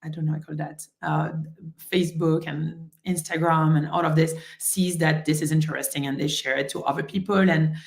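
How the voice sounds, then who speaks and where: A woman's voice: sits low, steady tone, normal speed, vocal fry. A woman with a French accent, a rheumatologist hosting a friendly live stream, chatting casually with many fillers. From France.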